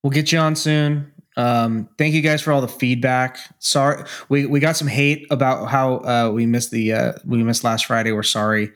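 Brief: male podcast co-host, loose and rambling, curses freely, mid-pitched voice. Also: little pitch movement, moderate pace, hardly any pauses. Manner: rambling, profane, laid-back. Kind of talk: casual chat.

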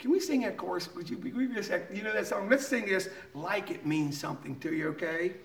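A man's voice: high-pitched, creaky, reverberant. A man preaching a sermon with emphasis, often asking "okay?" and laughing between points. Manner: reads hymn lines slowly and deliberately.

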